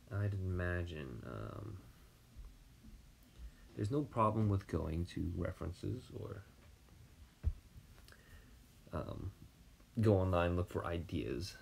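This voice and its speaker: Low gravelly man mumbling while he sketches. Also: slight background noise. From United States. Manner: mumbling, trailing off, drops to whispers; self-deprecating asides. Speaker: artist drawing on stream. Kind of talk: thinking aloud while sketching.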